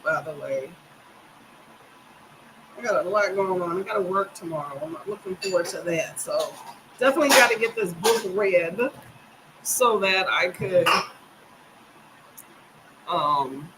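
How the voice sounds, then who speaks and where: A woman's voice: medium pitch, noisy background. A woman hosting a casual livestream from home, chatting with viewers, reading their comments aloud and answering them in a folksy way. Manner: folksy, addresses viewers as y'all. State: briefly coughing and stuffy. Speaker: livestream reading-sprint host. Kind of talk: casual live chat with viewers. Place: at home near the kitchen.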